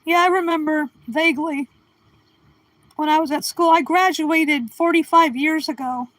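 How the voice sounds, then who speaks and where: A woman's voice: high voice, fairly even intonation, normal speed, fairly bright tone, no room sound, low-quality recording. A woman in her sixties hosting a livestream, chatting casually and rambling as she answers viewers. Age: 60s. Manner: rambling, chatty, restarts and trails off. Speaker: livestream host.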